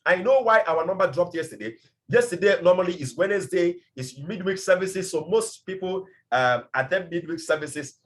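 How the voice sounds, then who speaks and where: A man's voice: high-pitched, lively intonation, moderate pace. A man giving a passionate motivational training talk as a business mentor, emphatic and repeating his points.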